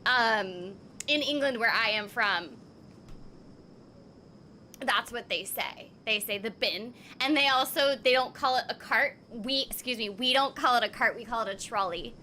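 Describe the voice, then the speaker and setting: A woman's voice: on the high side, unhurried, pushed and bright, slight background noise. A young adult woman streaming a game, chatting playfully and reading the chat aloud. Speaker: streamer and voice actor. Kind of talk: casual live-stream chat while gaming.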